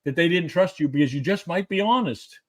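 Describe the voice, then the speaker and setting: A man with a notably high voice, speaking as a podcast guest. He talks emphatically, stacking rhetorical questions one after another. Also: expressive, fairly quick. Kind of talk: animated interview talk.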